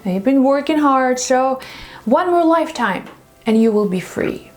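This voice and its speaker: Woman voicing a serene god, unhurried and gently ironic. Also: very high-pitched, lively intonation. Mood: wry. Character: calm, wry male Hindu god.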